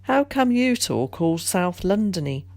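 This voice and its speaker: A woman's voice: lowish voice, big pitch swings, a little slow, darkish tone, no echo. A woman reading aloud puts on a cheeky young boy in a storybook, teasing and upbeat, with a lifted voice. The sound is close and dry. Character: cheeky northern boy cousin, upbeat joker.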